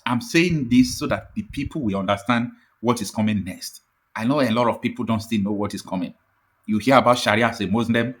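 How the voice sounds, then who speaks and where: A man with a Nigerian accent reads a news article aloud and comments on it, speaking with passion and repeating his points. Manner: impassioned, repetitive, with sudden rises in pitch.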